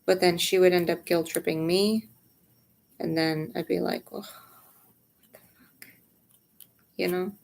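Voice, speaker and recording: Tired and candid, a young adult woman rambles to camera in a personal vlog, cursing freely and frequently sinking to a near whisper. Her lowish, slightly mellow voice has vocal fry and little pitch movement, at a normal pace, over slight background noise.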